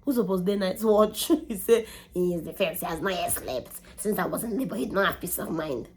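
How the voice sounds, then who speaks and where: A young woman, telling a candid personal story in an animated way and often repeating words for emphasis. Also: fairly low pitch, a little fast. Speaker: vlogger.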